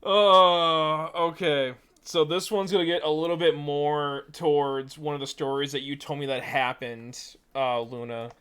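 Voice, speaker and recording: A man's voice: fairly high pitch, fairly even intonation, measured pace, hardly any pauses, fairly bright tone, smooth. A man in his thirties hosting a podcast, chatting casually in a teasing way and laughing a lot. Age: 30s. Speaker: podcast host. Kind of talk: casual chat.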